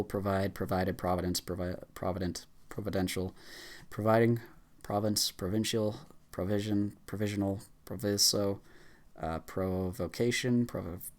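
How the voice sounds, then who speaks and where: A man YouTuber reading a dictionary aloud as a speedrun, rattling off words quickly and stumbling and restarting now and then. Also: on the low side. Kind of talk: rapid list reading for a speedrun challenge.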